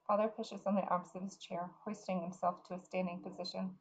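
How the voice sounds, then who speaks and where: Woman reading a fantasy book out loud, low voice with some fry, dull lo-fi sound. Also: level tone, fast, hardly any pauses. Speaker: reader. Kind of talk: reading a fantasy novel aloud.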